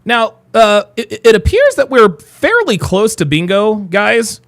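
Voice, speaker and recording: A man's voice: high voice, huge pitch swings, measured pace, a bit bright. A man hosting a live show, commenting on a video with incredulous, rambling remarks and swearing. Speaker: host reacting to a video.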